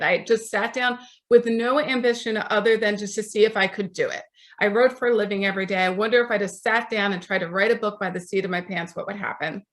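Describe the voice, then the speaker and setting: A woman's voice: fairly high pitch, fairly bright tone. A woman in her forties, an author being interviewed, telling stories in a chatty way and acting out the voices of people she quotes. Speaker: author, podcast guest.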